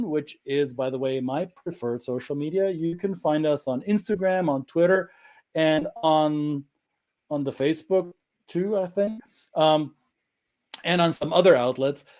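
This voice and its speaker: A German man whose accent is blended with American Midwest and Southeast touches, chatting as a guest. He talks in a playful, joking way, with dry quips. His voice sits slightly high for a man. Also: a little mellow. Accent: German with American Midwest and Southeast traces. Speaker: guest cultural coach. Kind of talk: casual interview chat.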